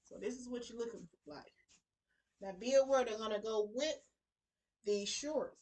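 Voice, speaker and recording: A middle-aged woman talks through a sewing project in a chatty, easygoing way, calling her viewers y'all. Her voice sits a little high for a woman, and she sounds like she's at home in her sewing room. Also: normal speed, a little mellow. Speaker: sewing vlogger. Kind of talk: casual sewing tutorial.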